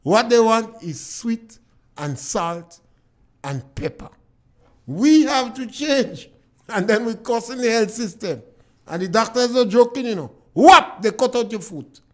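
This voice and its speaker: High-voiced Grenadian radio host. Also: male voice, animated, a little slow. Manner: emphatic, preachy, dialect-heavy storytelling. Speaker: radio talk show host. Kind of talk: call-in radio talk. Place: radio studio.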